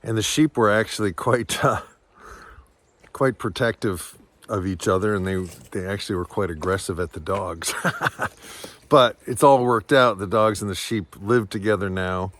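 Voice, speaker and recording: A man's voice: lowish voice, fairly bright tone, dry recording. A man vlogging from his farm, chatting casually and cooing fondly at his animals between chuckles. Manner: slow, fond baby talk to his animals, chuckling often. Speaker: farmer vlogger. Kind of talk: casual vlog narration. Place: outdoors on a farm among animals.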